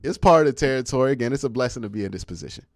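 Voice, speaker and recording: A man's voice: mid-range voice, expressive, rapid-fire, dry recording, studio quality. A man giving casual, slangy live-stream commentary, reading chat and ranting. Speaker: streamer reacting to news and chat.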